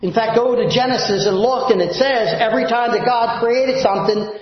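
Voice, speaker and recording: A man's voice: very high voice, fairly even intonation, brisk. A man preaching a sermon as pastor, who puts fill-in questions to his congregation. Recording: very echoey, dull lo-fi sound.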